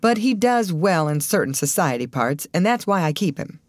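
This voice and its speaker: A woman reading the lines of a brisk male film company manager in an audiobook. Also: on the low side, sing-song, no echo. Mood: businesslike.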